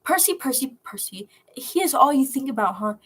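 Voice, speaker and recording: A woman's voice: fairly high pitch, moderate pace, a bit bright, slightly rough. Woman voicing a spiteful ghostly sister. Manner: spiteful, mocking.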